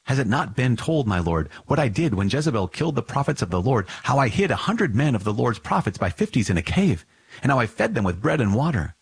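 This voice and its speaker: A man's voice: mid-range voice, very animated, a little fast, gravelly, breathy edge, voice pushed up, exaggerated voice. A man reading the part of an anxious royal servant, pleading and strained. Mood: fearful pleading.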